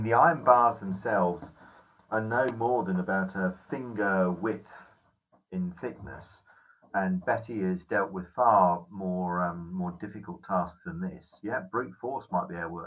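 A man's voice: low voice, normal speed, a bit bright, dull audio. A man narrating a tabletop game as game master, describing scenes with some hesitation.

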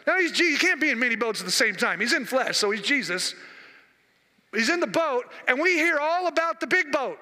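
A male preacher with a very high, piercing voice, driving his sermon with repetition and questions to the crowd. The sound carries a long reverb, as in a large hall. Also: sing-song, fairly quick, bright, forceful tone. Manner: emphatic and repetitive, with rhetorical questions to the congregation.

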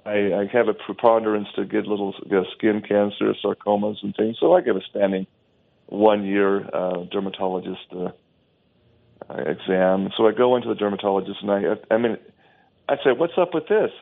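A man's voice: fairly low pitch, fairly even intonation, normal speed, vocal fry. A man talking emphatically and scornfully as a guest on a talk show, often restarting his sentences, heard over a phone line.

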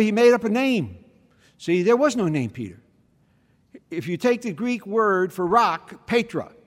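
A man giving a conversational teaching homily, often pausing to check in with his listeners. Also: on the high side. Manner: conversational, checks in with the audience by asking "okay?" and "hmm?". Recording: reverberant hall.

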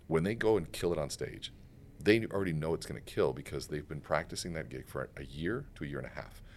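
A man's voice: extremely low pitch, animated, a little hiss or hum. A man guest on a podcast, telling stories emphatically, swearing and acting out quotes. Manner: fast, emphatic storytelling with swearing and acted quotes. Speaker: guest speaker and author. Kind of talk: animated podcast interview. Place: podcast studio set.

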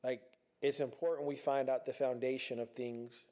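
A man's voice: mid-range voice, little pitch movement, moderate pace, warm tone. A man talking earnestly in a reflective personal monologue, conversational and repeating himself as he works through his thoughts.

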